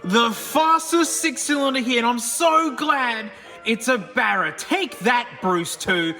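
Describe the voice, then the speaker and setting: An Australian man hosting a car vlog, chatting excitedly with plenty of slang and frequent laughter as he works in a garage. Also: very high voice, takes it slowly, in a large hall, soft background music. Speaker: car vlogger host. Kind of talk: casual commentary over car work and testing.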